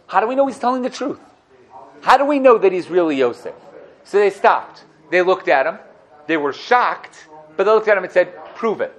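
A man teaching a Torah lesson, animated, acting out the quotes he cites and asking his listeners questions. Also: high-pitched.

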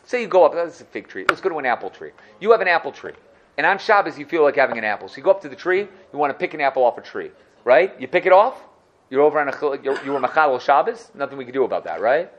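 A man teaching an animated religious lesson, acting out little scenes as he explains. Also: fairly high pitch, dull audio. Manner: animated, fast-talking, acts out voices. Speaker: Torah teacher.

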